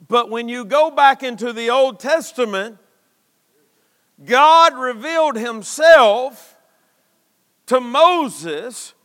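A man preaching a sermon, building to shouted emphasis with long dramatic pauses. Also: fairly high pitch, smooth. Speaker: pastor. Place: church sanctuary. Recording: long reverb of a church hall.

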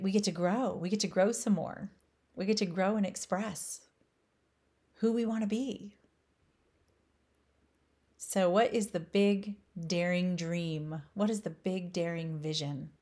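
A woman teaching on spirituality, asking slow, emphatic rhetorical questions. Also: lowish voice, darkish tone. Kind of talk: inspirational spiritual talk.

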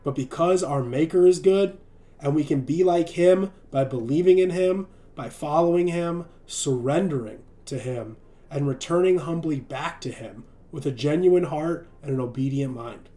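A man's voice: fairly high pitch, moderate pace, mellow. A man giving an earnest sermon on a livestream and often checking in with the listener by asking "right?". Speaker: streaming preacher.

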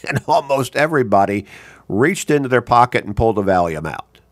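An older man giving a sermon, slow and deliberate, repeating points for emphasis, with a gravelly voice. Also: medium pitch, very animated, dry recording.

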